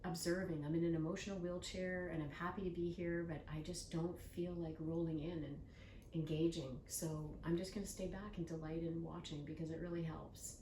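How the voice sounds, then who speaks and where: A woman's voice: lowish voice, steady tone, fairly quick, warm tone. An older woman hosting an interview, talking earnestly and telling stories with acted-out quotes. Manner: earnest, storytelling, acts out quoted voices. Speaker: host. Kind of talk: casual interview chat. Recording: echoey room from far off with faint noise.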